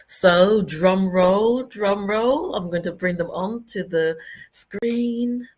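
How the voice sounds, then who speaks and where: Bubbly British host, playful chatter over a video call. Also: female voice, medium pitch, slow pace. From Britain. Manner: bubbly, playful, laughs often. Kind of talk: online talk show hosting.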